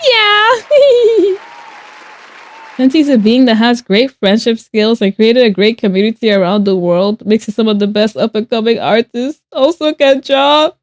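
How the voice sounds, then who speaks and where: A woman's voice: fairly high pitch, fairly even intonation, normal speed, a little mellow, no echo, some chatter behind. A woman art streamer who chats casually while she draws. She reads her chat aloud, answers with playful sarcasm and laughs often.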